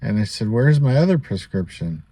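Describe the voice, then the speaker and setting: A man's voice: medium pitch, very animated, normal speed, warm tone, dry recording. A man casually telling a personal story to camera, rambling and chatty, with many asides and small laughs. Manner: rambling, chatty, peppered with "you know" and little laughs. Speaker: vlogger.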